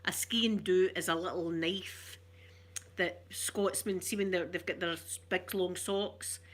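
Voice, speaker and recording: A middle-aged Glaswegian woman chatting softly and rambling to viewers on an ASMR livestream. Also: on the low side, fairly even intonation, unhurried. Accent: Glaswegian Scottish. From Glasgow, Scotland. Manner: soft-spoken, rambling, warm chatter with viewers.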